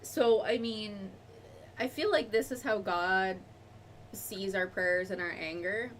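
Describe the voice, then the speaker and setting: A woman talks through a relaxed Bible study on a live stream, rambling and chatty, at a mid pitch with a faint hiss behind her. Her talk wanders through asides and fillers as she works her way to each point. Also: slow.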